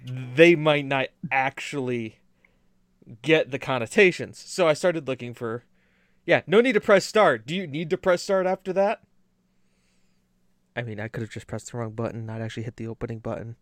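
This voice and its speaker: A man's voice: mid-range voice, expressive, brisk, no echo, clean studio sound. A man hosting a casual games show, talking in a chatty, rambling way and correcting himself as he goes. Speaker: host. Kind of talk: casual podcast chat.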